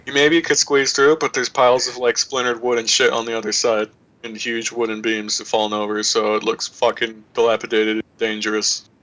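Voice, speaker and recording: A man's voice: medium pitch, level tone, brisk, bright, forceful tone, rough recording. A man narrating as game master for a tabletop game, describing scenes loosely with lots of fillers.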